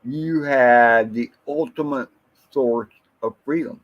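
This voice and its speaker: Slow, rambling man on a livestream. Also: mid-range voice, lo-fi sound. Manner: slow, rambling, reminiscing storyteller; greets viewers from the chat by name. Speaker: drone channel livestream host. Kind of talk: casual livestream chat with viewers.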